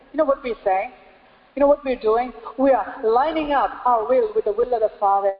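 High-voiced woman preaching in a hall. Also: brisk. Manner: repetitive preaching cadence with rhetorical questions. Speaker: pastor. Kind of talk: sermon. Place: church hall. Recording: echoey church hall, slightly dull sound.

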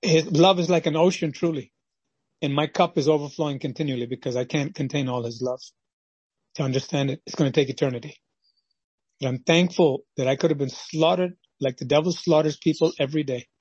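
A man's voice: on the high side, fairly even intonation, fairly quick, a little mellow, breathy edge, no echo, muffled recording. A male preacher giving a devotional sermon with passion, acting out the quoted voices of the people in his story. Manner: impassioned, acts out quoted voices of God and Cain.

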